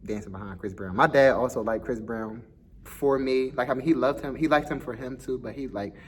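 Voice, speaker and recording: A man's voice: mid-range voice, brisk, a little hiss or hum. A young man with a slight lisp, talking casually and a bit nervously to camera in his first vlog. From Philadelphia. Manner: chatty, self-conscious, laughs easily. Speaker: vlogger, dance school owner.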